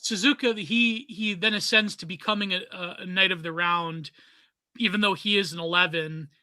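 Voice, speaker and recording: A man co-hosting a podcast in casual chat, talking quickly and loosely with many fillers. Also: high voice, fairly even intonation, pushed and bright, dry recording. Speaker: podcast co-host.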